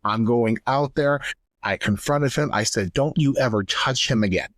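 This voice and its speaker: In a dry, studio-quality recording, a young man of medium pitch and fairly bright tone speaks at normal speed. He's a podcast co-host giving a candid, emotional account of a painful family story, imitating the voices of the people in it.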